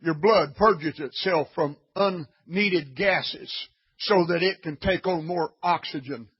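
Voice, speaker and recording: Male preacher, blunt and scolding, high husky voice, dull lo-fi recording. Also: slow pace. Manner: blunt, scolding, rising to shouts. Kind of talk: sermon.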